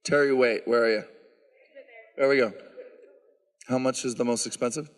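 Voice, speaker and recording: A man at mid pitch fields questions from a concert audience and explains each handbell instrument in an easygoing, explanatory way, with plenty of "um"s. His voice carries a long reverb, as though he were speaking in a church sanctuary. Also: normal speed, pauses often, clean tone. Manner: explanatory, relaxed, lots of "um" fillers. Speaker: bell choir director.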